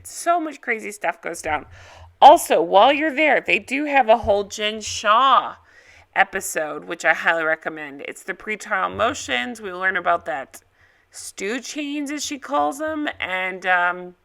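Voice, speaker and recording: A woman's voice: medium pitch, sharp tone. A woman hosting a reaction video, giving a casual, blunt and opinionated recap.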